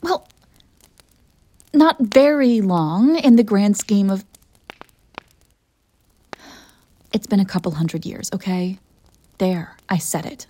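A woman's voice: mid-range voice, measured pace, pauses often, mellow, no echo, natural voice. A woman voicing a proud, bored, centuries-old female succubus in an audio role-play for the listener, haughty and theatrical. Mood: flustered. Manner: haughty and theatrical, defensive when pressed.

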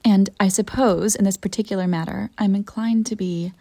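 A woman's voice: mid-range voice, steady tone, normal speed, warm tone, no room sound, lightly acted. A woman voicing a proud, bored, centuries-old female succubus in an audio role-play for the listener, haughty and theatrical. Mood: sultry bargaining. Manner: haughty and theatrical, defensive when pressed.

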